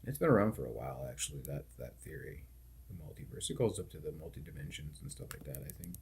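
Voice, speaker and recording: A gaming streamer rambles casually while he plays, his laid-back talk packed with "like" and "dude." He has a bass voice with big pitch swings, a quick pace, vocal fry and a darkish tone, over slight background noise.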